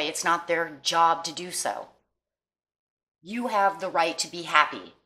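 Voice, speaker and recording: A woman's voice: fairly low pitch, pushed and bright. A woman giving a casual tarot reading to her viewers, chatty and encouraging, often checking in with "okay?" and "you know". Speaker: tarot reader.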